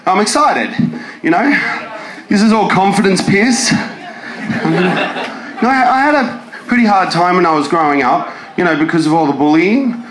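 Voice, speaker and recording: A young man doing a stand-up comedy set in a pub, with animated joke delivery and some shouted bits. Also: high voice, normal speed, long pauses, noisy background. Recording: roomy live venue sound.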